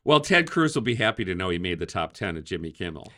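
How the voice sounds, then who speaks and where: A man's voice: sits low, big pitch swings, fast, bright, forceful tone. A man hosting a casual political talk show, chatty, laughing often and using many fillers. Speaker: podcast host.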